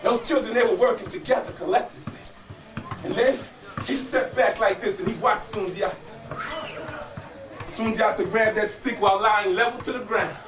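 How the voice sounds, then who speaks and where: A male storyteller with a very high-pitched voice performs a folk tale live, building rhythm and calling out for his audience to answer. The sound is roomy and echoing, caught from a distance. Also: moderate pace, pauses often, music in the background. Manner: dramatic, rhythmic call-and-response with listeners. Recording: echoey room, voice from far off.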